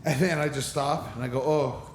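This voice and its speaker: A man's voice: medium pitch, fairly even intonation, quick pace, a little hiss or hum. A man who is a guest on a podcast, telling a story with lots of energy and acting out the other people's lines in a raised voice. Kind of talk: animated storytelling.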